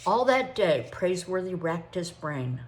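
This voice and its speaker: An older woman, a grandmother, reading a chapter of a novel aloud in an expressive way. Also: on the low side, a little slow. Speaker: storybook reader.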